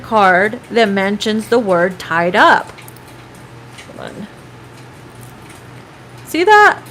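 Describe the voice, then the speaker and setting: A woman's voice: medium pitch, big pitch swings, very slow, pauses often, a bit bright, a little hiss or hum, low-quality recording. Chatty, profane woman tarot reader. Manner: profane and chatty, breaks into song. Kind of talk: casual tarot reading.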